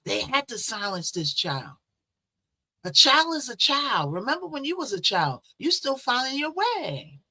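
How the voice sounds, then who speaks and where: A woman's voice: high-pitched, big pitch swings, measured pace, pushed and bright. A woman host chatting through a news case in a casual, conversational way, full of rhetorical asides.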